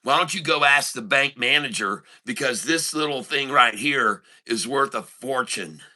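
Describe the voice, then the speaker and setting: Polite frog asking for a loan, plain storytelling voice, bright tone, as a man tells it in a joke. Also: medium pitch, a little slow. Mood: matter-of-fact. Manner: told in a joke with matter-of-fact delivery.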